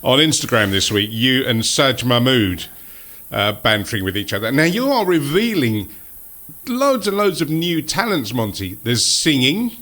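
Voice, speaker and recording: A man's voice: medium pitch, sing-song, moderate pace, sharp tone. A male radio presenter interviewing a guest in a chatty, encouraging manner.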